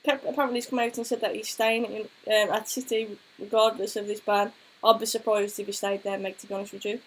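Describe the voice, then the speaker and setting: A woman's voice: medium pitch, level tone, fast talker, rough recording. A young woman, co-hosting a casual football chat and reading out viewer questions. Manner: chatty, reads out viewer questions. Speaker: co-host.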